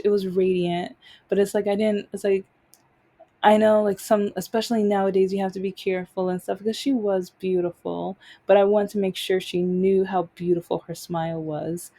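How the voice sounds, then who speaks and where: A woman's voice: medium pitch, mellow. A woman host telling a personal story in a casual, rambling way, full of fillers and restarts, acting out what others said with rising exasperation. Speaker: podcast host.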